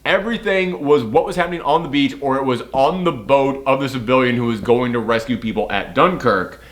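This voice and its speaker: A man talks casually through a film review, rambling and leaning on fillers. His voice sits at an ordinary middle pitch. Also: a little fast, fairly bright tone. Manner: chatty, rambling with many fillers.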